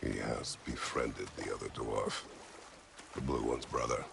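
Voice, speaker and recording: A stern, battle-worn warrior god in a video game, speaking in terse, flat lines. His voice sits extremely low and grinds with heavy gravel. Boat and water noise runs clearly under it. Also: unhurried, exaggerated voice. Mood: grave. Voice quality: deep gravelly growl.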